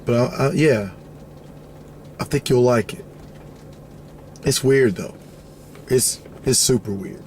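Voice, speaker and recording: A man telling a story casually to camera, rambling and animated, swearing freely and acting out the other people's voices. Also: medium pitch, takes it slowly, pauses often, a little hiss or hum. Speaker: vlogger.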